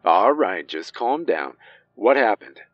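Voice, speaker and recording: A man doing a gruff, eerie emergency operator. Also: fairly low pitch, big pitch swings, slow, dry recording, highs cut off, faint music behind, exaggerated voice. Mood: detached.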